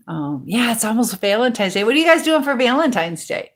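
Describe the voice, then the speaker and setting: A woman hosting a casual livestream from home, chatting in a rambling way and reading viewer comments out loud. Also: fairly high pitch, sing-song, a little fast. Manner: chatty and rambling, full of fillers. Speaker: livestream host.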